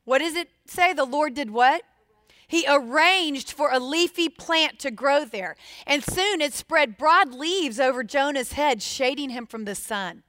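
High, bright-voiced woman preaching. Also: unhurried, no echo, studio quality. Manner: expressive, questions the listeners directly. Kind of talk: sermon.

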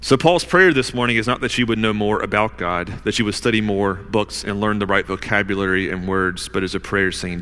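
Man, pastor, conversational sermon, fillers, slows for emphasis, church sanctuary, long reverb. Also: lowish voice, bright, forceful tone, smooth. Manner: conversational preaching with fillers, dramatic slowed emphasis.

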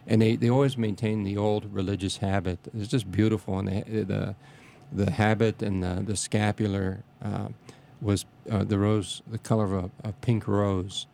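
A man reminiscing in a casual interview, speaking haltingly with many restarts and fillers and a reverent tone. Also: lowish voice, steady tone, creaky, dark tone, slight background noise.

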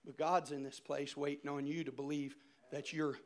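A male preacher giving a sermon, telling a story with shouted, animated swings. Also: on the high side, moderate pace.

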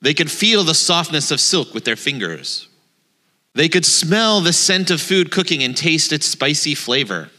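A man giving a sermon as a rabbi, telling a children's story in an animated way before teaching. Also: a little high, big-room sound. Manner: animated storyteller, shifts between playful and earnest.

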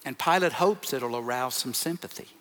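The recording, drenched in a large hall's long reverb, captures a male pastor of medium pitch and moderate pace whose tone is a bit bright. He preaches emphatically to the congregation, repeating short phrases one after another.

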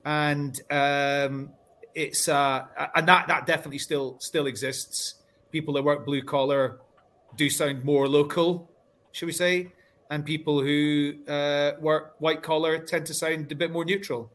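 A man raised partly in Scotland speaks on a panel, his voice sitting a little higher than most men's. He talks in a chatty, animated way, often restarting his sentences as he goes. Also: measured pace. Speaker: panel guest. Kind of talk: casual panel discussion.

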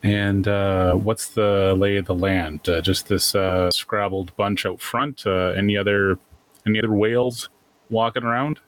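A man's voice: on the low side, fairly even intonation, measured pace, no room sound. A man taking part as a player in a tabletop game, speaking hesitantly with many fillers. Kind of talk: casual chat in a tabletop game.

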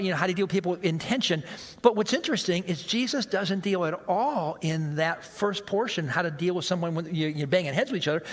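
A man's voice: sits high, a bit bright, long reverb tail. A male pastor preaching a sermon in a conversational way, asking the congregation rhetorical questions.

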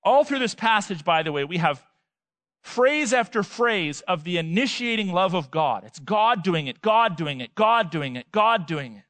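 A man preaching a sermon, emphatic, with rhetorical questions and swings between loud and soft. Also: high voice, very animated, moderate pace, no room sound. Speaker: pastor.

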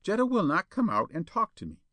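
A man voicing a peevish, pleading male suitor with a Spanish-speaking manner, in a high, strident, whining voice. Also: wildly swooping pitch, fairly quick, fairly bright tone, no room sound, exaggerated voice.

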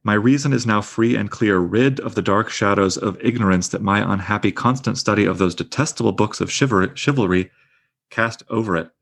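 A man's voice: fairly low pitch, brisk, vocal fry, slightly rough. A man reading aloud as a deluded old knight, in a solemn, lofty, archaic manner. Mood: grandiose.

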